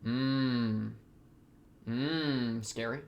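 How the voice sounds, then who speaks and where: A man hosting an anime reaction video, talking back to the screen and swinging from quiet muttering to excited outbursts. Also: mid-range voice, drawn-out words, vocal fry, muffled recording. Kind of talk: casual anime reaction commentary.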